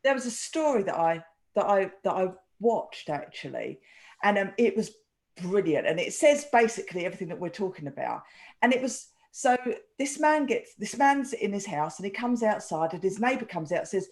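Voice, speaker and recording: A woman's voice: mid-range voice, a little fast. A woman co-hosting a casual chat, telling a rambling story and acting out the quoted lines. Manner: rambling, animated retelling with acted quotes. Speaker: co-host.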